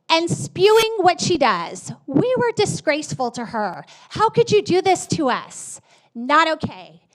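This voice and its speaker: A woman's voice: high-pitched, fairly bright tone, low-quality recording. A woman teacher giving an indignant, accusing public comment.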